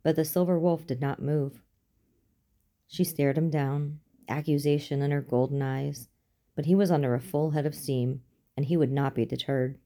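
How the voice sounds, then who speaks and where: Female audiobook narrator, low and warm, steady storytelling delivery. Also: moderate pace.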